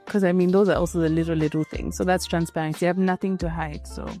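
Mellow low-voiced woman, earnest. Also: fairly even intonation, fast talker, soft background music. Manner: earnest, repeats key points, frequent "right?" tags. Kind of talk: candid conversational interview.

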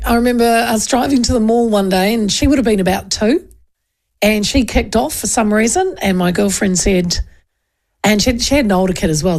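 A middle-aged New Zealand woman hosts a talk radio show in a medium-pitched, gravelly, darkish voice. She chats and tells stories loosely, laughing as she goes and acting out the voices of people she quotes.

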